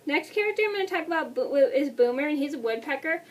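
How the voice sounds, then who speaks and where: High-voiced young woman, fast and rambling. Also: expressive, far from the mic. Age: 20s. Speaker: vlogger. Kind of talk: casual movie review.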